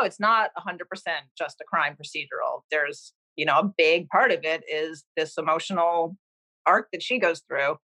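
A woman's voice: on the low side, bright, forceful tone, rough recording. Rambling woman guest with fillers. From Cambridge, Massachusetts. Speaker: TV series creator, guest. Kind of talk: casual interview chat.

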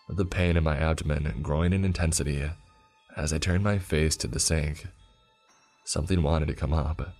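Very deep-voiced male horror narrator. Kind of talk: first-person horror story narration.

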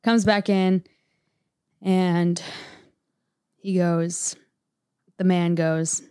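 A woman's voice: lowish voice, fairly even intonation, very slow, long pauses, warm tone, clean tone, no room sound, studio quality. A woman telling a joke in casual chat, restarting and checking whether the others know it. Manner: hesitant storytelling, restarting lines.

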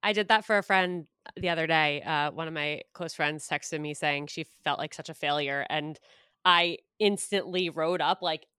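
A woman's voice: deep voice, clean tone, no echo, clean studio sound. A woman hosting a podcast, chatting casually and enthusiastically with her guest. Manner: enthusiastic, quick bursts of excitement. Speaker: podcast host. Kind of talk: casual conversational interview.

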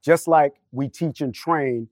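Taking his time, a middle-aged man with a slightly high voice recounts a personal story as a guest on a laid-back panel. The studio audio is clean with no room sound, and he brings the dialogue to life by acting out the voices.

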